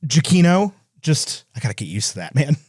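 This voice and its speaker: A man co-hosting a movie podcast in casual chat, rambling quickly and laughing as he tells stories. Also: fairly high pitch, big pitch swings, darkish tone, breathy edge, no echo, clean studio sound. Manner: fast, rambling, laughs while telling stories. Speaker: podcast co-host.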